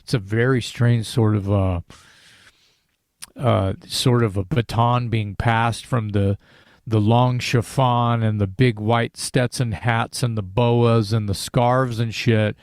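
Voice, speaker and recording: A man's voice: mid-range voice, steady tone, slow, a little mellow, clear, resonant tone, no room sound, clean studio sound. A man in a casual podcast discussion about an album, talking in rambling sentences with many restarts and fillers.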